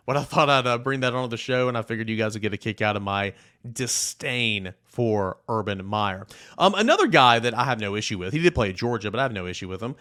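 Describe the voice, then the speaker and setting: Guy hosting a football podcast, fired up, opinionated, goes loud then mutters. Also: mid-range voice, fairly quick. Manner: animated, opinionated, swings between loud jabs and muttered asides. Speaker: podcast host. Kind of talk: casual sports podcast talk with a read ad.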